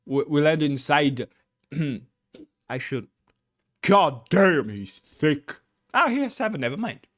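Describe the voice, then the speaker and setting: A man reads a fantasy gamebook aloud and talks over it, rambling with plenty of "uh"s and the odd blurted swear word. His delivery is unhurried, and his pitch jumps around a lot. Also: big pitch swings, a bit bright. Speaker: gamebook let's-player. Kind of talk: reading a gamebook aloud with commentary.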